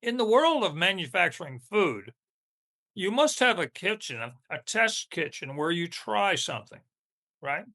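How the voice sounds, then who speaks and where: A man's voice: high-pitched, sing-song, measured pace, pushed and bright. A man co-hosting a podcast in casual chat, laughing often and talking with his mouth full. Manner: chatty, laughs often, eats while talking. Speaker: podcast co-host.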